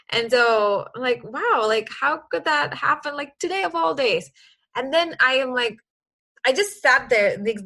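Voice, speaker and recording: A young woman with a bright, forceful voice, a guest in a casual interview. She talks earnestly and animatedly, acting out what she and others said. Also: mid-range voice, rough recording. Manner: earnest and animated, acting out her own dialogue.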